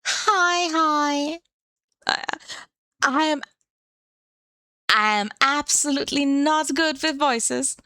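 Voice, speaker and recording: A woman putting on a squeaky, high, girly voice as a joke. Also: slow, long pauses, sharp tone, dry recording, clean studio sound, exaggerated voice. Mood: chirpy.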